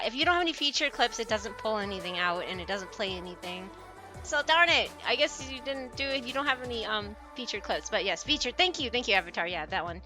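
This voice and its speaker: A woman streamer in casual live-stream chat, chatty and giggly, often trailing off and restarting her sentences. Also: on the high side.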